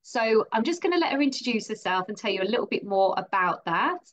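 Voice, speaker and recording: A woman's voice: on the high side, sing-song, fast talker. A woman hosting a live stream, bubbly and effusive as she greets viewers and introduces her guest. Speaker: host.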